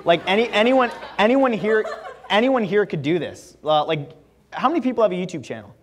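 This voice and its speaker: A young man from Canada speaks to a college audience in a lecture room. His voice sits a little high for a man, and he talks in a loose, chatty way full of fillers and asides. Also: big pitch swings, brisk. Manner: casual, chatty, lots of "like" fillers. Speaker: guest speaker. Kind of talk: campus talk with Q&A.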